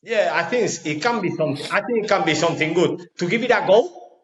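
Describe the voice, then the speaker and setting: A man co-hosting a football podcast, calm and halting, teasingly taking the other side of the argument. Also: high voice, background noise. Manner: calm, halting, restarts phrases; teasing, plays devil's advocate. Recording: roomy echo, dull sound.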